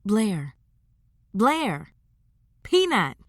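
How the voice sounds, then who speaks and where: A woman's voice: medium pitch, moderate pace, dry recording, studio quality, pitched above the performer's own voice, natural voice. A woman voicing a playful, affectionate younger sister who teases and mimics her family. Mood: teasing. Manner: teasing, mimicking.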